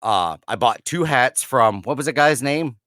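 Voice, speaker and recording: A man's voice: mid-range voice, animated, a little slow, fairly bright tone, dry recording, clean studio sound. A man co-hosting a podcast, telling rambling stories in casual chat with restarts and laughs. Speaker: podcast co-host.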